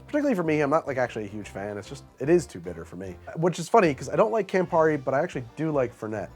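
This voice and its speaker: A man hosting a cocktail show, reviewing bad drinks with theatrical disgust and deadpan asides. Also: mid-range voice.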